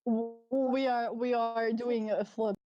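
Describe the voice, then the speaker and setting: A young woman streamer leads her friends with playful, casual chat. Her voice is warm and mellow, slightly high. The mic sound is dry and somewhat lo-fi. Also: flat delivery, slow, no echo. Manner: playful, leading the group.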